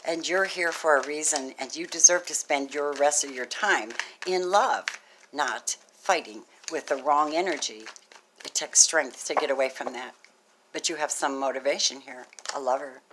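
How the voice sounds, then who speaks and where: A woman giving a casual tarot reading to camera, gushing and excitable, swinging from loud exclamations to hushed murmurs. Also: deep voice, slight background noise. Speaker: tarot reader.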